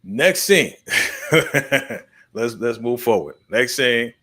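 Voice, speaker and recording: A man hosting a casual TV recap chat, lively and acting out characters' lines as he goes. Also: mid-range voice, slow. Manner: animated, acts out characters' lines. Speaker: host.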